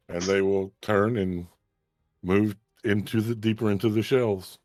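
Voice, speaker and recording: A man's voice: fairly low pitch, unhurried, dry recording, faint music behind. Laid-back man running a tabletop game. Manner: relaxed, laughs often. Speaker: game master.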